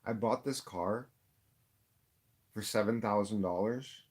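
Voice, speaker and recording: A man's voice: fairly low pitch, darkish tone. Frustrated man venting on a live stream. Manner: frustrated venting, halting restarts and fillers. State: upset, near tears. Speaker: rideshare driver vlogger.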